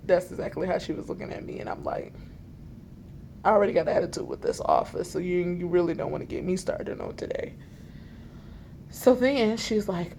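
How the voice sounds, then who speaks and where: A woman vlogging from a hospital library, retelling a frustrating appointment in an animated, exasperated way and acting out the dialogue. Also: lowish voice, brisk, gravelly, pauses often, slight background noise. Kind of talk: storytime vlog. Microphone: self-filmed camera.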